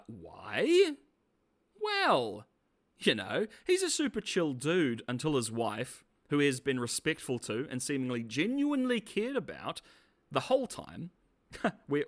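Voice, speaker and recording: A man's voice: fairly high pitch, fairly bright tone. A man giving a casual, sarcastic video review, often laughing, swearing and calling people bro. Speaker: show reviewer.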